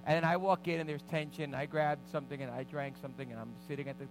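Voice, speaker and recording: A man in a pulpit telling a story from his own life, and he acts the scenes out with energy. His voice sits a little high and he talks fast. Music plays clearly beneath him. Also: rough recording. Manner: animated, reenacts scenes loudly. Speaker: pastor. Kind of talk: storytelling sermon. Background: background music.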